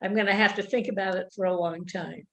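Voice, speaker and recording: A woman's voice: medium pitch, fairly even intonation, fast, fairly bright tone, muffled recording. Woman organizer thanking a speaker. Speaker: class organizer.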